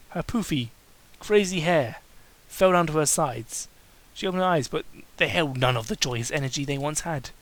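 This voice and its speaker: A man's voice: fairly high pitch, a bit bright, dry recording. A man giving a dramatic reading of a story, voicing the lines with theatrical emphasis and dropping in sarcastic asides. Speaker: reader.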